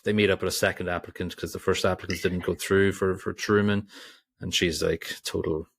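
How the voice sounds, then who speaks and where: A man's voice: low voice, little pitch movement, fairly quick, breathy edge. A man co-hosting a podcast, chatting casually about a film with rambling restarts and asides. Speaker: podcast co-host. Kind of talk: casual film review chat.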